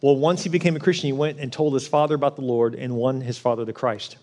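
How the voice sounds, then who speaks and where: A man's voice: mid-range voice, steady tone, fast talker, darkish tone. A man preaching a sermon, telling a story earnestly and with emphasis before urging listeners to pray and forgive. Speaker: pastor.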